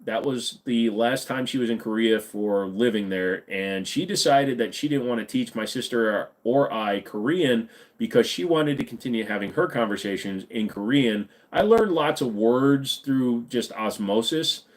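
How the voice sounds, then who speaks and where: A male livestream host in his forties, from the United States, talks through viewer comments at a moderate pace and medium pitch. His casual chat is rambling, profane and blunt, and he sounds tired.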